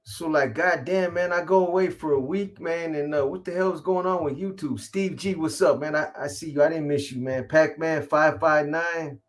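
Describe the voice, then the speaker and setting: Slangy man shouting out live viewers. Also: on the high side, steady tone, normal speed, hardly any pauses. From California. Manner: rambling, shouting out viewers by name; profane, street slang. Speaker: live stream host. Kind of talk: casual live-stream chat.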